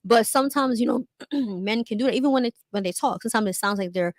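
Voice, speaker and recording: A woman's voice: on the high side, quick pace, no echo. A young woman giving a candid, emphatic livestream monologue, full of "like" and "you know" fillers. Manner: candid, emphatic, acts out quotes in other voices. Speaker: vlogger.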